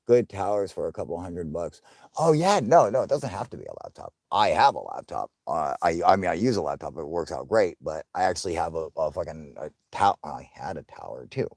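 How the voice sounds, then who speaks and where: Deep gravelly man, profane and rambling. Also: sing-song, a little fast, darkish tone, dry recording, clean studio sound. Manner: profane, rambling, laughs often. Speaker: live stream host. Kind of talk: casual live chat with viewers.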